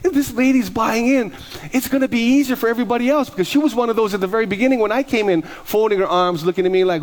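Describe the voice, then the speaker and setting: A middle-aged man, a pastor, preaching a sermon through lively personal stories and acting out the people he quotes. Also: extremely high pitch, quick pace, a little hiss or hum. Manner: animated, acts out quoted voices, laughs at his own stories. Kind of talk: sermon storytelling.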